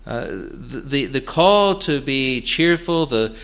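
A man preaching a sermon in an earnest, halting way, with many fillers and restarts, rising to emphatic declarations. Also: medium pitch, expressive, gravelly, fairly bright tone.

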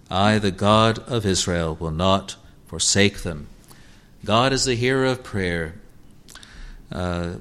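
A man preaching a sermon, speaking in a measured, halting way with many fillers and lifting his emphasis when he quotes scripture. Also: on the low side, fairly bright tone.

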